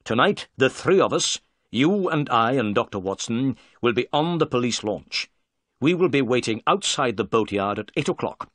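A clever, confident detective from a storybook, voiced by a man in a brisk, assured tone. His pitch moves in lively swings, and the recording is dry with no room sound. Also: dry recording, close to an everyday voice.

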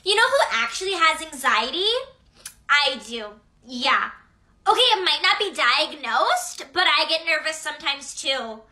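A condescending teenage mean girl drips fake sweetness , played by a young woman. The voice sits very high with a bright, sharp edge. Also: expressive, unhurried, exaggerated voice. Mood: dismissive. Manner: snide, fake-sweet, dismissive. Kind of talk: comedy sketch acting.

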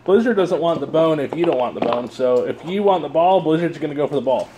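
A man's voice: on the high side, lively intonation, fast talker, background noise. A man vlogging at home who talks to his dog in a teasing, playful, coaxing way. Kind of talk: casual talk to a pet. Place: home room with dogs around.

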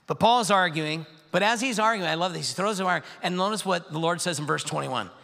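A male pastor preaching a sermon in a church, animated and acting out the voices of the people he describes. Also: high-pitched, fast talker, creaky, big-room sound. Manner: animated, acts out voices and quotes. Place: large church sanctuary.

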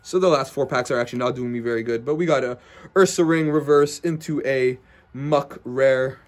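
A young man with a mid-range voice talks through a pack-opening session indoors at someone's house. His commentary is loose and profane, full of brash trash-talk, and it can jump from grumbling into loud, excited hype. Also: medium pitch, normal speed. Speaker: card-opening vlogger. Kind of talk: casual unboxing commentary.

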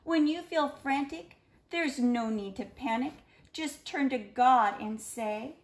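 A woman reading a rhyming children's picture book aloud in a gentle, expressive storytelling manner. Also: on the high side, slow.

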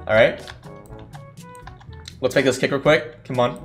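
A young man giving casual live commentary on a football game he is playing, thinking aloud and breaking into excited shouts. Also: mid-range voice, unhurried, soft background music. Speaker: gaming streamer. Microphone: desk mic without a condenser.

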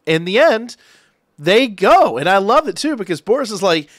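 A man casually recapping an anime episode, rambling excitedly and acting out the characters' lines as he goes. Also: high voice, measured pace, dry recording, clean studio sound. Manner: excited, rambling retelling with acted-out quotes. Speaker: anime reviewer.

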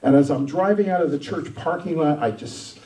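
A man, a senior pastor, telling his own story in a sermon, emphatic, swinging between loud and soft. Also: a little high, normal speed, echoey room, recorded from a distance, poor audio. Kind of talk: sermon testimony.

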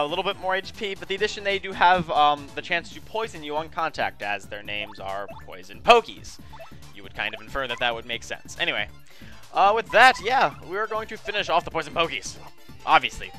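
A let's play host with a fairly high, sharp-toned male voice chats through video game commentary, frequently addressing viewers as his friends and apologizing for things he says.

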